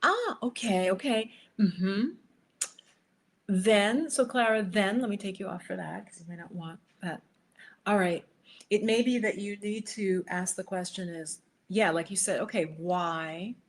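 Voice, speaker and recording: A woman hosting a livestream, chatting with viewers and reading cards for them, sometimes dropping to a soft whisper while she shuffles. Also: medium pitch, a little slow. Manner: chatty, riffing, addresses viewers by name. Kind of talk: casual live chat with tarot readings. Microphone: headphones.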